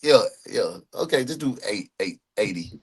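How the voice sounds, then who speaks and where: A man with a Southern accent hosting a live reaction stream, joking loudly and calling out to his chat. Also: on the low side, expressive, moderate pace, husky. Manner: loud, joking, calls out to chat. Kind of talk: casual live-stream commentary.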